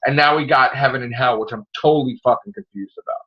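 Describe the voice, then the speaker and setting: A man's voice: mid-range voice, quick pace. A man co-hosting a podcast in casual chat, ranting with heated profanity. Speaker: podcast co-host. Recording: dull lo-fi audio.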